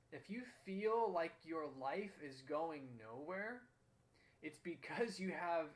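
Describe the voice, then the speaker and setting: A young man hosting a motivational talk, telling a story in an earnest, emphatic way. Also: on the high side. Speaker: host.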